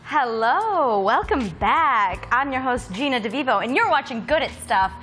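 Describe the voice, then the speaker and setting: A woman hosts a craft show from a studio, her voice bright and a little high. She talks in a playful, upbeat way and laughs easily. Soft music plays faintly behind her. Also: expressive, moderate pace. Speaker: host.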